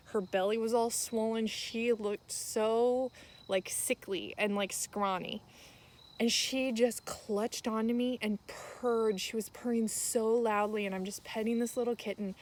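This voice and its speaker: A young woman speaks on camera in a tearful, heartfelt way, telling a personal story of faith. Her voice sits at an ordinary middle pitch, and she rambles a little with soft fillers and restarts as she reminisces. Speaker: vlogger. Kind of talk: personal testimony vlog.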